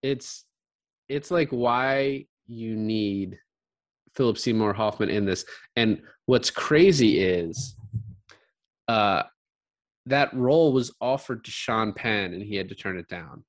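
A fairly low-pitched man takes his time as he chats about a movie with his co-host on a podcast. Cursing along the way, he eagerly recounts scene after scene.

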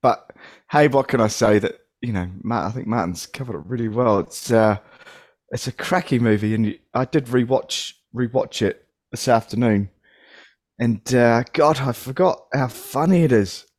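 A man's voice: medium pitch, normal speed, darkish tone, dry recording, clean studio sound. A man hosting a podcast, chatty and laughing often as he talks over films. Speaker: podcast host. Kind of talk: casual chat.

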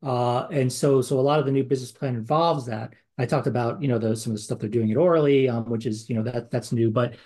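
A man's voice: mid-range voice, steady tone, fast, hardly any pauses, dark tone. Rambling, filler-heavy male podcast host. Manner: conversational, rambling with many fillers and restarts. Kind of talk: casual chat.

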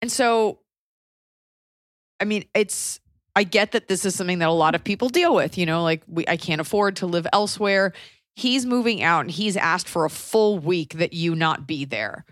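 A young woman co-hosts an advice podcast with a slightly low voice. She speaks bluntly, swears freely and fires off questions one after another, recorded close and dry with no room sound. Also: expressive, moderate pace, dry recording. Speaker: podcast co-host, comedian. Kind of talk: casual advice chat.

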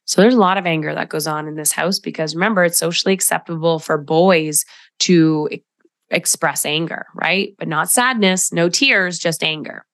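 A woman's voice: sits low, normal speed, a bit bright, dry recording. A woman hosting a solo podcast, speaking as a coach in a direct manner with emphatic asides.

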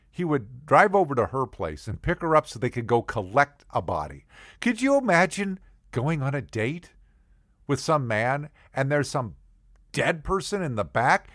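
A man's voice: mid-range voice, a bit bright, dry recording, studio quality. A man telling rambling comic stories in a casual monologue, full of digressions. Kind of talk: comedic storytelling monologue.

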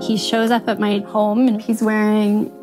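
A woman's voice: medium pitch, flat delivery, measured pace, music in the background. A woman in her late thirties, interviewed, telling a candid story in a wry, self-mocking way with frequent laughter. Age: 30s. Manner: laughs often, wry and self-mocking, mimics others in quotes.

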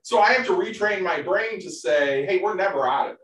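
A man who coaches baseball, co-hosting a casual podcast, telling stories in an animated way with casual swearing. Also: high voice, fairly quick. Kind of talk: casual chat. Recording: roomy, distant from the mic.

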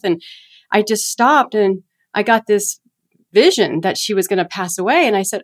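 A middle-aged woman telling a personal story in a casual conversation, animated and acting out quoted voices. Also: medium pitch, normal speed. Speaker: guest, shaman.

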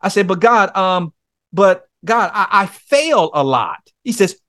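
A man with a fairly high voice gives an earnest, animated account. He acts out his own pleas with feeling. The sound is dry and close. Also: measured pace, dry recording. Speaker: podcast guest, men's coach. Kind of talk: conversational testimony.

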